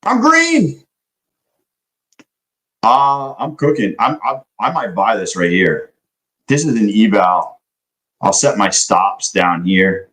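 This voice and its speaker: A man's voice: fairly low pitch, animated, measured pace, fairly bright tone, rough recording. A young man day trading live, chatting loosely with his stream viewers and swearing now and then. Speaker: livestream day trader. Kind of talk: casual live-stream chat.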